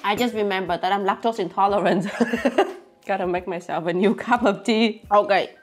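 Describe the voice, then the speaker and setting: A woman's voice: mid-range voice, normal speed. Giggly woman. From Vietnam. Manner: giggly, chatty, non-native phrasing. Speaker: vlogger. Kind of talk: casual food-tasting vlog.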